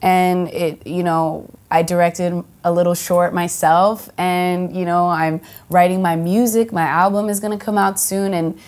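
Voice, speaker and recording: An actress from the United States of Dominican heritage, chatting casually in an interview, full of fillers and restarts and lively quoted voices. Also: female voice, fairly low pitch, measured pace, hardly any pauses. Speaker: actress and singer, guest.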